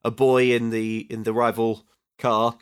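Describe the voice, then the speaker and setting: A man with a mid-range voice walks through a film's plot on a comedy podcast. He tells it in a dry, deadpan way and drops in quick jokes. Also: medium pitch, clear, resonant tone. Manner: deadpan retelling, jokey quips. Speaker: podcast co-host. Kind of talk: comedic film recap chat.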